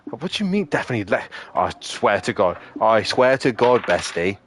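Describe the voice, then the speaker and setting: A man's voice: on the low side, very animated, moderate pace, fairly bright tone, a little hiss or hum. A young man streaming a racing game and chatting casually with friends, swearing constantly and ranting in exasperation. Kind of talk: casual gaming chat with friends.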